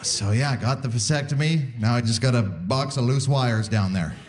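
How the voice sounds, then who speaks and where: A man's voice: mid-range voice, normal speed, a little mellow. A man in his forties performing a self-deprecating stand-up set on a live stage, acting out other people's voices. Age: 40s. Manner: self-deprecating, acts out voices of wife and doctors. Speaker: stand-up comedian. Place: live theatre stage with audience. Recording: live stage recording with crowd noise. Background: audience laughter.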